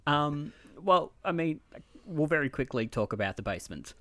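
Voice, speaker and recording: A man's voice: on the high side, moderate pace, dry recording. A man co-hosting a podcast, telling stories in a chatty way with lots of fillers. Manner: animated storytelling with filler words. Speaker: podcast co-host. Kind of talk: casual chat.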